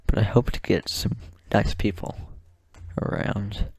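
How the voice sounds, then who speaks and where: A young man delivers a rambling vlog rant in a low, gravelly voice that stays flat. He talks slowly, short of breath, with stops, restarts and swearing, close to the mic in a dry room. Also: no echo. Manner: slow, halting, with swearing and restarts. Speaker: vlogger. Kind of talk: casual rant to camera.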